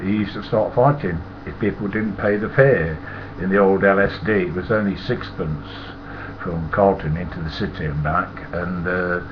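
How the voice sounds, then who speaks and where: An older man with a Nottingham accent, telling casual, rambling anecdotes, chuckling and swearing freely. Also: lowish voice. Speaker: storyteller. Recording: muffled lo-fi with loud hiss.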